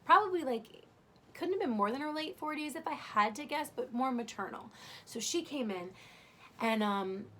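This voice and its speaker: A young adult woman, a new mother, casually recounts giving birth in a high, expressive voice that sounds pushed and bright, at normal speed. She's chatty and candid, saying "like" constantly and swearing now and then, with slight background noise behind her.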